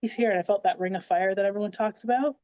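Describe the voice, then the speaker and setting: A Canadian woman guesting on a podcast tells a story quickly in a mid-range voice. Animated and chatty, she says "like" constantly and acts out what people said; the sound is lo-fi with no echo.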